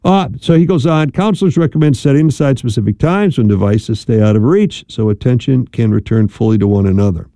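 A middle-aged man hosting a radio talk show, counseling couples in a chatty, rambling way with animated asides. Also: medium pitch, fairly quick, hardly any pauses, no room sound, studio quality. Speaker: radio host and marriage counselor.

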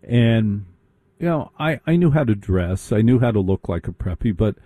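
A man telling a sarcastic, animated comic story in a stand-up style. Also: fairly low pitch, normal speed, no room sound. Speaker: comedic storyteller.

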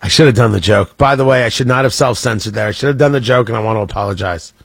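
A man's voice: on the low side, fast, creaky, husky. A male radio host talking in loose, jokey on-air banter, laughing often and mocking himself.

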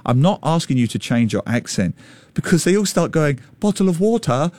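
Lively, animated male radio host. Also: mid-range voice, brisk, dry recording. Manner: animated, opinionated, mimics voices in anecdotes. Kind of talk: radio talk show chat. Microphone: studio microphone.

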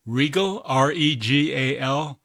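A man's voice: medium pitch, slow pace, a bit bright, no room sound. A man hosting a radio word puzzle, spelling out each word letter by letter and encouraging the player. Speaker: puzzle master.

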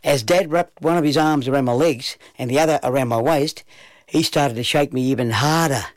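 A man with an Australian accent narrating a children's story in a relaxed, lively first-person telling. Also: medium pitch, brisk, no echo.

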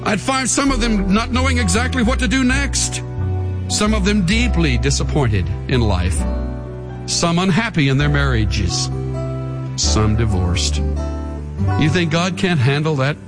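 A man's voice: fairly high pitch, animated, measured pace. A male pastor preaching a dramatic sermon, leading the congregation in call and response. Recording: reverberant hall with faint music.

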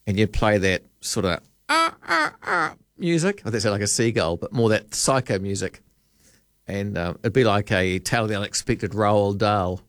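A man's voice: fairly low pitch, fairly even intonation, moderate pace, no room sound. A man hosting a talkback radio show, rambling and joking as he thinks aloud at a studio microphone. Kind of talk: casual radio chat.

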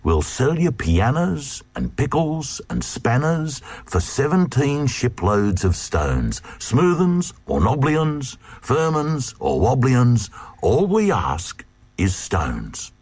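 A man voicing the crafty Ogg traders in a seductive sales patter, a little higher than his narration. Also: huge pitch swings, takes it slowly, darkish tone, breathy edge, no room sound, full character voice. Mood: coaxing. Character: crafty, smooth-talking foreign traders, the Oggs.

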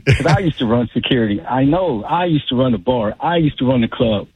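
A man's voice: medium pitch, expressive, a little fast, breathy edge, no room sound. Man on a tinny phone line. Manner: rambling, streetwise storytelling. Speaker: radio caller, former club DJ. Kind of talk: casual call-in chat.

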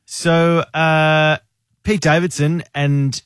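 A man co-hosting a radio show, telling a gossip story in a halting way with many pauses and fillers. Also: mid-range voice, expressive, dry recording, clean studio sound. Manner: halting and hesitant, full of "uh", gossipy. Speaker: radio co-host. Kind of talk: casual radio banter. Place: radio studio.

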